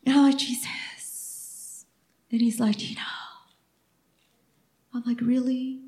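A woman's voice: a little high, normal speed. A middle-aged woman pastor preaching a sermon, telling stories and acting out the dialogue in them. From Mexican heritage. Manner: animated storytelling, acting out dialogue. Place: church sanctuary. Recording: echoey church room.

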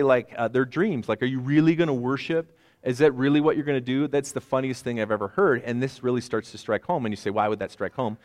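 A man's voice: mid-range voice, in a large hall. A man in his forties preaching a conversational sermon with self-deprecating asides. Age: 40s. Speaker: pastor.

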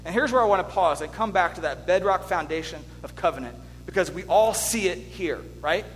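High-voiced man preaching in a reverberant hall. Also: a little fast, faint music behind. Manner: earnest, animated storytelling with restarts. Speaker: pastor. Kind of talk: sermon. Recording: long hall reverb with faint hum.

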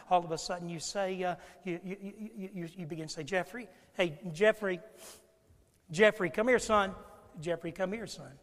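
A man preaching a sermon as a pastor, swinging from hushed, halting speech to shouting with repeated words. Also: sits high, in a large hall. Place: church hall.

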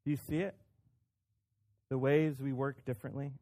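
A man's voice: medium pitch, little pitch movement, normal speed, mellow. Male pastor, sermon delivery, casual, repeats words, punches key points. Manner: conversational, self-deprecating, with frequent restarts and emphatic rises.

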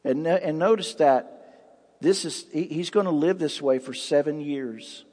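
Male pastor, sermon, fairly high voice, emphatic preaching, long reverb. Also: measured pace, a little mellow. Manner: emphatic preaching with dramatic rises and drops.

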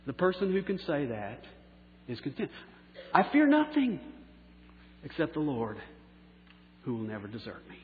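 Man, pastor, emphatic sermon delivery, trailing line endings, mid-pitched voice, tinny phone-like sound, long hall reverb. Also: expressive, slight background noise. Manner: emphatic preaching, slowing down for key phrases and trailing off softly.

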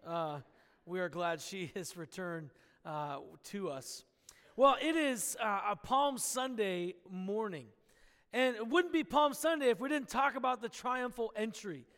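A male pastor from Pennsylvania with a very high voice, preaching a Sunday sermon and leading prayer. He tells stories in a lively way and keeps checking in with the congregation. His voice rings with a long reverb through a church hall. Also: measured pace. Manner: storytelling, lively, asks the congregation for agreement. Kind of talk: sermon with opening prayer and story. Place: church sanctuary.

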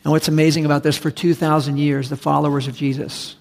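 A man's voice: a little high, level tone, fast talker, gravelly, a little mellow. A man preaching a sermon as a pastor, conversational and emphatic, often repeating his points. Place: church sanctuary. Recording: long hall reverb.

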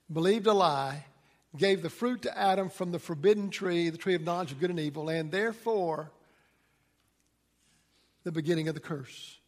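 A man's voice: high voice, in a large hall. A middle-aged man preaching a sermon to his congregation, telling folksy stories with plenty of fillers and restarts. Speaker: pastor. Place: church.

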